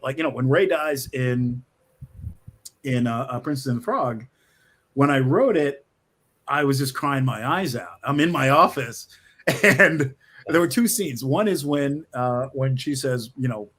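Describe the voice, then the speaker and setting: Speaking unhurriedly at a medium pitch, a middle-aged male screenwriter tells stories from his office during a conversational interview by video call. He's an animated guest who frequently starts sentences over and laughs often.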